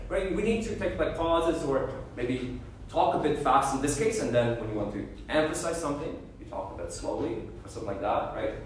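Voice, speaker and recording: A man's voice: mid-range voice, lively intonation, fairly quick. A man giving a classroom lecture on debate judging, often checking in with "okay?" and "right?". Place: lecture room. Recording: echoey room, voice far from the mic, faint background noise.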